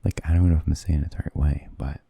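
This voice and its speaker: A man with an extremely deep voice, dark and husky with a gravelly edge, tells hesitant, meandering stories in a soft-spoken ASMR style. He talks slowly and often drops into whispers close to the mic. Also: steady tone, no room sound. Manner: rambling and hesitant, drifting into whispers. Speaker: ASMR creator.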